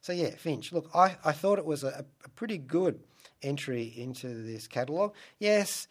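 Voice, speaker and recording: A man's voice: a little high, animated, moderate pace. A man hosting a radio show, reviewing films in a casual, rambling, wry way. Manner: rambling and wry, many asides. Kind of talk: casual film review monologue.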